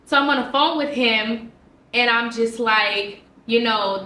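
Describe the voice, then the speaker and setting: Teacher lady telling a story, bright sharp voice, kinda far from the mic in an echoey room. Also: a little high, normal speed, slight background noise. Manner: animated, expressive, quoting herself and others. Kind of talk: casual storytelling to camera. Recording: roomy sound from a distant mic.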